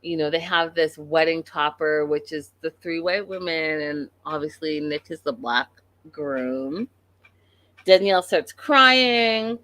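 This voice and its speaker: A woman's voice: deep voice, slow pace, a bit bright, no room sound. A woman hosting a live-stream reality show recap, talking in a blunt, sassy, mocking way.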